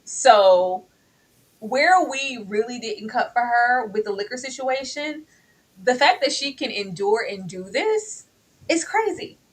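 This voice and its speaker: A woman co-hosting a casual TV review, talking in an animated way and scolding the characters as if they could hear her. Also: a little high, slow, rough recording. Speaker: co-host of a TV review show. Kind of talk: casual TV recap chat.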